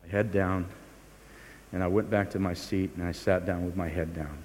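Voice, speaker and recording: In a low, steady, darkish voice at normal speed, an older pastor preaches earnestly and confessionally, frequently restarting and making self-mocking jokes. A little hiss or hum sits under a long hall reverb.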